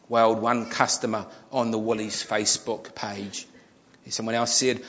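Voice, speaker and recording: A man preaching a sermon, reading aloud with lively, emphatic quoting. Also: medium pitch, moderate pace. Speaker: pastor. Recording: muffled recording with long hall reverb.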